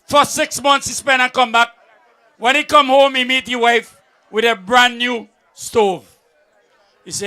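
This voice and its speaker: A man with a Vincentian accent telling jokes at an outdoor event, a lively storyteller who laughs as he goes. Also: very high-pitched, unhurried, pauses often, smooth, a faint crowd. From St Vincent and the Grenadines. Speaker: comedian at a political event. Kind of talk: joke telling.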